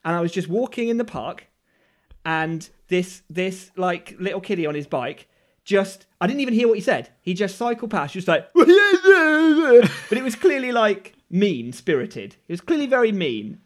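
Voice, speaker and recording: High, animated man in his thirties. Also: moderate pace. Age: 30s. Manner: self-deprecating, rambling with frequent restarts. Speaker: podcast co-host. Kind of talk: casual comedic chat.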